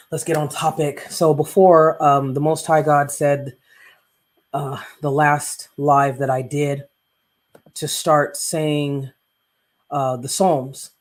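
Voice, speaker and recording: A man hosting a casual live stream as a coach, rambling and preachy with self-interruptions, who recites psalms aloud. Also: on the high side.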